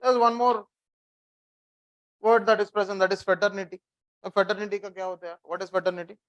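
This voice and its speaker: A man's voice: high voice, little pitch movement, fast, lo-fi sound. A man with an Indian English accent teaching a classroom lecture. He repeats key phrases for note-taking and quizzes his students.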